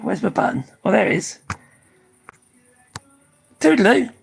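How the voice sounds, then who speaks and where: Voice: mid-range voice, a little slow, gravelly, slightly rough, soft background music, low-quality recording. An older speaker chatting casually on a live stream, tired and losing their voice, swearing freely and laughing often.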